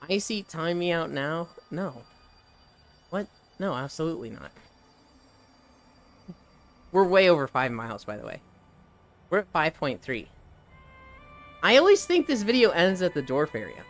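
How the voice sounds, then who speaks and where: A live streamer chatting casually while walking on a treadmill, reading chat aloud and telling stories with lively animation. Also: mid-range voice, measured pace, long pauses, faint music behind. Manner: reads chat aloud and riffs, animated storytelling.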